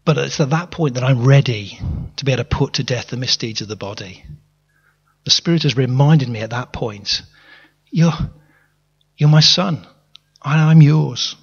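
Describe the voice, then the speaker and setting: Husky man preaching in a hall. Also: mid-range voice, fairly bright tone. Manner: earnest, with repeated restarts and questions to the congregation. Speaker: pastor. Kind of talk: sermon. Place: church hall. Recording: reverberant hall, dull lo-fi sound.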